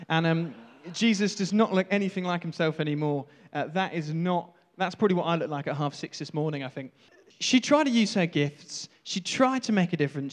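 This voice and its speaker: A man preaches with a fairly high voice that carries a long hall reverb. His sermon is light-hearted, and he pokes fun at himself between points. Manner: light-hearted, self-mocking asides.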